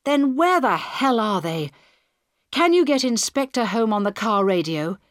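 A tense female prime minister gives orders in a crisis, read by a woman narrator. She speaks loudly and urgently, with a firm, commanding edge. The delivery is unhurried and deliberate. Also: fairly high pitch, big pitch swings, dry recording, clean studio sound, voice pushed up.

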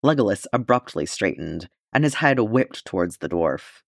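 Male narrator, low, expressive, dry close mic. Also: moderate pace, gravelly, no echo. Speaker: audiobook reader. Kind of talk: fan fiction audiobook narration.

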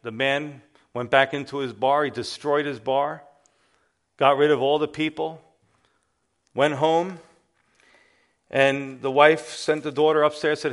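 Preacher guy, pretty high voice for a man, earnest and emphatic, telling a story in a sermon. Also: flat delivery, measured pace, long pauses.

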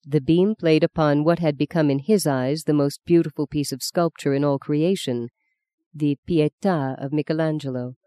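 An audiobook narrator reading a literary novel in a measured, even storytelling manner. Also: mid-range voice, clean tone, no room sound.

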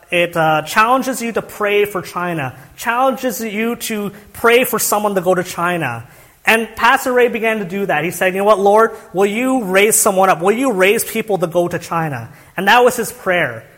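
A young pastor delivers an earnest sermon, putting rhetorical questions to his listeners and often restarting his phrases. His voice is high for a man, with a sharp tone. A long church-hall reverb surrounds the sound.

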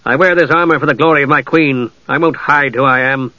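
A narrator gives voice to a proud, stern dark knight who speaks slowly and with grave weight. The storybook reading has a muffled, lo-fi tone and a dry, close sound. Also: male voice, a little high, no room sound. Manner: slow, measured, grave.

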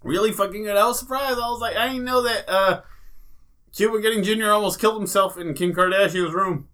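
A man's voice: high-pitched, brisk, bright, forceful tone. A man co-hosting a podcast in crude, profane banter, rambling and trailing off mid-sentence. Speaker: podcast co-host.

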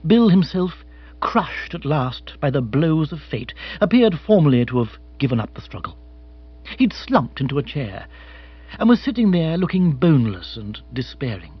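A man narrates a comic novel with expressive, animated delivery. His voice sits fairly high and swings widely, with a husky grain. The recording is dull and lo-fi. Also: moderate pace. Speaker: audiobook narrator.

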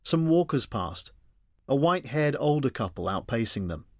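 A man reading a novel aloud as an audiobook narrator, expressive and shifting his voice for the dialogue. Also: medium pitch, moderate pace, no room sound, clean studio sound.

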